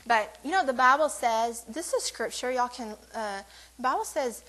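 A woman's voice: on the high side, animated, normal speed, pushed and bright, poor audio. Chatty woman giving devotional. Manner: rambling, self-interrupting, joking asides. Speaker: women's ministry speaker. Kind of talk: casual church devotional talk.

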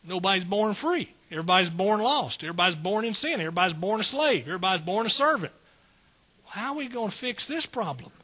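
A man preaching a sermon in a high, bright voice with a husky grain. His delivery is folksy and conversational, and he keeps checking in with the listeners. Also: animated, fast talker. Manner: folksy, calls out to the congregation.

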